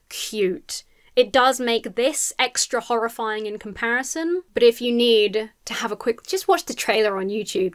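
A woman giving a scripted film review, sarcastic and exasperated, swearing freely. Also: a little high.

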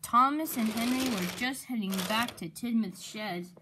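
A woman's voice: on the high side, moderate pace, noisy background. A woman narrating a casual toy train story with a few restarts.

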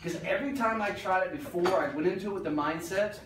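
A man's voice: high voice, fast talker, noisy background. A man giving a motivational talk to a business audience, blunt and joking, swearing casually. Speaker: motivational speaker. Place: meeting room. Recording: roomy echo from far off.

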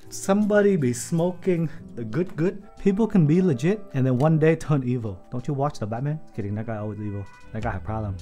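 A man giving casual, joking livestream commentary as he builds a keyboard, excitable and swearing often while talking to his viewers. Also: medium pitch. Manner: excitable, profane, joking, talks to chat.

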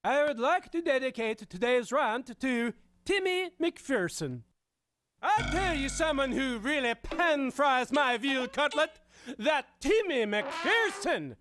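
A ranting Swedish cartoon comedian. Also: male voice, very high-pitched, big pitch swings, takes it slowly, background noise, full character voice. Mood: indignant. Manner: indignant, sputtering rants. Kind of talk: cartoon voice acting.

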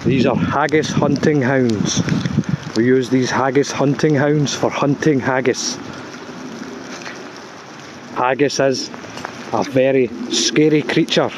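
Slow deadpan man outdoors. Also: mid-range voice. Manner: short clipped deadpan phrases. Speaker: tour guide. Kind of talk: deadpan mock-documentary narration. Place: woodland outdoors. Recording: outdoor noise behind the voice.

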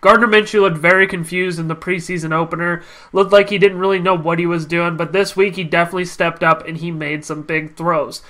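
A young man hosting a casual football recap, energetic and confident, his voice stuffy from a cold. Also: high voice, fairly quick. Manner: energetic, confident fan talk. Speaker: sports channel host.

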